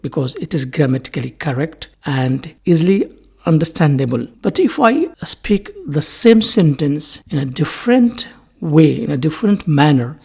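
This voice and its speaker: A lecturer giving a recorded English-language lesson in a deliberate way, repeating key terms in lists. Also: medium pitch, big pitch swings, vocal fry, dark tone, breathy edge.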